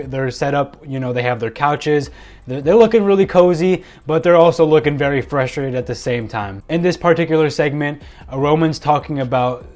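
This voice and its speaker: A man's voice: medium pitch, darkish tone. A man giving a loose, rambling solo recap of a wrestling episode from his notes, with many fillers and self-corrections. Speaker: wrestling show reviewer.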